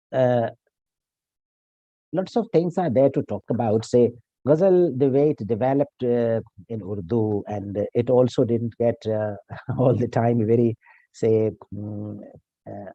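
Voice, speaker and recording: A man giving an academic lecture, reciting Urdu verse and explaining it slowly with pauses and fillers. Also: mid-range voice, dark tone, no echo. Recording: dull lo-fi recording.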